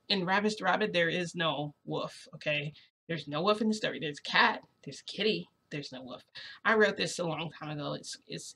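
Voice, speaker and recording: A young woman casually telling a story as a vlogger, chatty and excitable, often saying "freaking". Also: on the low side, normal speed, breathy edge.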